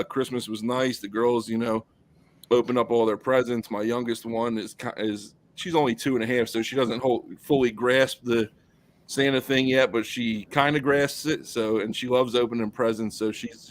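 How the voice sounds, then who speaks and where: A man's voice: mid-range voice, fairly even intonation, moderate pace, dry recording. A man in his thirties hosting a podcast, chatting casually and rambling through stories with lots of fillers. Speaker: podcast host. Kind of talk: casual podcast chat and storytelling.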